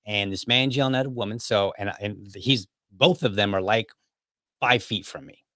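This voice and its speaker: A man's voice: on the low side, normal speed, pushed and bright, no room sound. Rambling man telling a story, dry sound. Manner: rambling, many restarts and asides. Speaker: podcast host. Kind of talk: casual storytelling.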